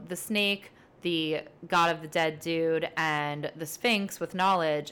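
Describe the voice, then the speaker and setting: Solo podcast host, female, low-pitched, casual and rambling, friendly energy. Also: a bit bright, smooth. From based in New York City. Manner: chatty, upbeat, rambling with fillers. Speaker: podcast host and tarot reader.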